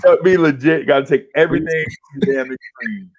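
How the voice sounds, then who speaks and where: A man's voice: on the high side, a little fast, lo-fi sound. A man, hosting a casual podcast chat and telling stories with slang and acted-out voices. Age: 50s. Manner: animated storyteller, slangy, acts out voices. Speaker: show host.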